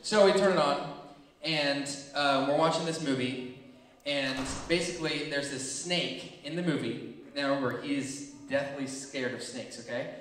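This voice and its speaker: A young man tells a childhood story to kids, acting out screams and voices. His voice is bright and a little high. He sounds distant, with long reverb from a large hall. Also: measured pace, a little hiss or hum. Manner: animated, acts out screams and voices. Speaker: children's ministry speaker. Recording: echoey hall from far off.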